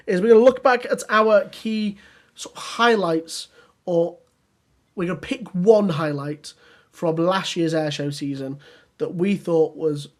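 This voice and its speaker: A podcast co-host chatting casually and enthusiastically, with many ums and restarts. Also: mid-range voice. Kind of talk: casual chat.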